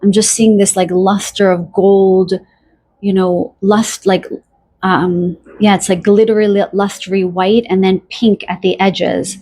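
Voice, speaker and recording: A woman giving a pick-a-card tarot reading, talking softly and dreamily to the listener, with many fillers, pauses and restarts. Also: medium pitch, steady tone. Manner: addresses the listener directly. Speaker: tarot reader.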